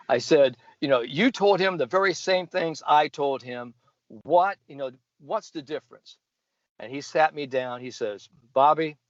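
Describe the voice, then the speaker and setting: The voice is a medium-pitched man's, with no echo, in dry, somewhat dull podcast audio. He's a golf sports psychologist in his seventies, narrating a story and taking on the voices of the people he quotes.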